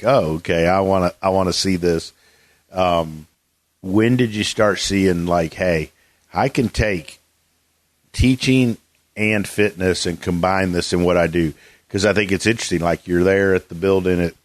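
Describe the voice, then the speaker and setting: A man's voice: low-pitched, no room sound. A man hosting a casual golf coaching interview, rambling with many restarts and fillers. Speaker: golf coach and podcast host.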